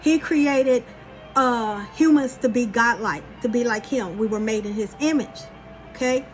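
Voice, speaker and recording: Blunt, high-voiced woman vlogger. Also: measured pace, faint music behind. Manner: blunt, profane and animated. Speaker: spiritual vlogger. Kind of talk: casual monologue to viewers.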